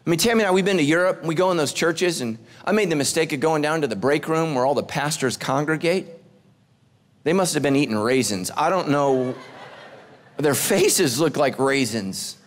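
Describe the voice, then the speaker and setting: High-voiced joking male pastor. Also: animated, normal speed. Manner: joking asides while reading scripture. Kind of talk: humorous sermon. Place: church service before a live congregation.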